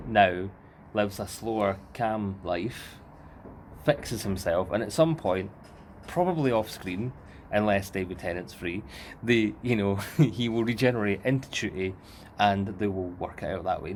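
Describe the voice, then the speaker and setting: A man hosting a casual reaction chat outdoors, excitable and joking, with light swearing. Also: lowish voice, moderate pace, a little hiss or hum. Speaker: channel host reacting to TV episode. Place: outdoors in a remote spot. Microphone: handheld mic held by co-host.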